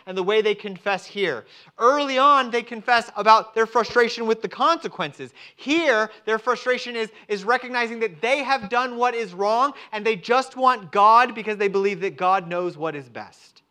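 A man's voice: high voice, moderate pace, sharp tone, clean tone. A man preaching a sermon to a church congregation, acting out the quoted voices of God and people. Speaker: pastor. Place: church service.

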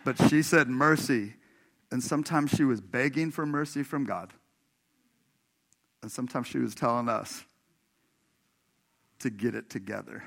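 A male pastor from Washington state preaching in his church, with a voice of ordinary middle pitch. He talks to the congregation casually and directly, mixing laughter and personal stories into the sermon. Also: measured pace, gravelly, pauses often, fairly bright tone. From Washington state, USA. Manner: conversational, laughs often, addresses congregation directly. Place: church sanctuary.

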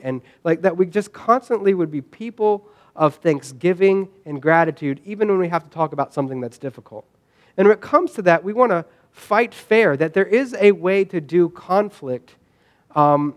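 Brief: male pastor, high-pitched voice, chatty sermon delivery with quick asides. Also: lively intonation. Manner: conversational, frequent "right?" asides, acts out quoted lines.

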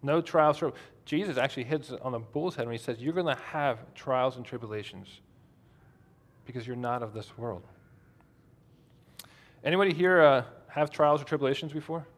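A man's voice: medium pitch, normal speed, pauses often. A man preaching a sermon in a conversational way, asking the congregation questions. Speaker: pastor.

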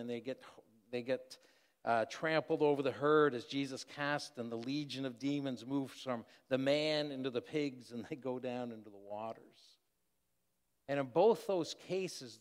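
Older preacher in a reverberant hall. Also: male voice, medium pitch. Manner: conversational storytelling with asides. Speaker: pastor. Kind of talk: sermon.

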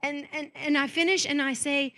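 A woman's voice: sits high, steady tone, normal speed, sharp tone. A woman speaking at a women's conference. She tells candid, self-mocking stories and acts out the voices of the people she quotes. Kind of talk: conference talk.

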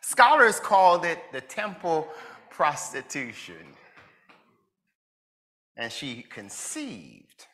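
A man's voice: fairly high pitch, very animated, takes it slowly, pauses often, sharp tone. A man from Jamaica, preaching a conversational sermon who asks his listeners reflective questions and chuckles between points.

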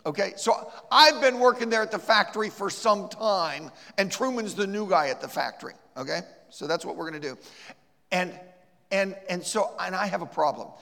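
A man leads a church class in a high voice that has a gravelly rasp to it. He is animated and acts out little scenes as he teaches. A long reverb from the hall trails his words. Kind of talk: church teaching with a live role-play.

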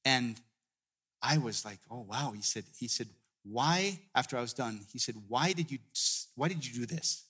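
Male guest preacher, middle-aged, mid-pitched, earnest storytelling sermon with frequent restarts. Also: moderate pace, breathy edge. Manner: storytelling, many restarts, drops to a hushed tone in emotional moments. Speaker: guest pastor.

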